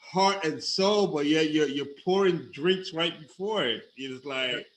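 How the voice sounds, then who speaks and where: A man in a casual chat, emotional and quick to laugh. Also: fairly high pitch, a little hiss or hum. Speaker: host. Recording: echoey room with faint ambience.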